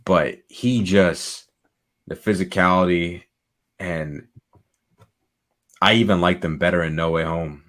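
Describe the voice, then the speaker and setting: A man co-hosting a podcast in casual chat, excitable, swearing freely and laughing often. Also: deep voice, takes it slowly, pauses often. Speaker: podcast co-host.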